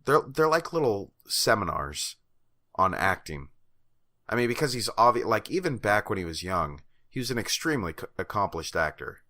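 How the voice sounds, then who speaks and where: A man's voice: fairly low pitch, sing-song, normal speed, bright, forceful tone. A man co-hosting a podcast in casual chat, a rambling storyteller who laughs often and swears casually. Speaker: podcast co-host.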